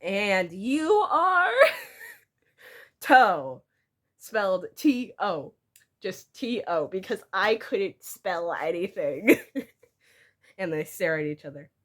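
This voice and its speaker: A young adult woman reading aloud from a comic she drew as a child, giggling often and gently poking fun at herself. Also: fairly low pitch, expressive, slow, pauses often. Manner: giggly, breaks into laughter often; playfully self-mocking. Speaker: vlogger.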